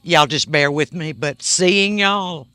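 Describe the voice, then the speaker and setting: A woman's voice: low voice, slow pace, bright, forceful tone. A woman giving emotional, heartfelt remarks to fans at a memorial. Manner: tearful, heartfelt. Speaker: widow speaking at a memorial.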